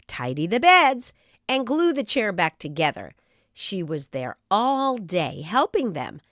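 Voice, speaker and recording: A woman reading a children's story aloud in an expressive, animated storytelling manner. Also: fairly high pitch, dry recording, clean studio sound.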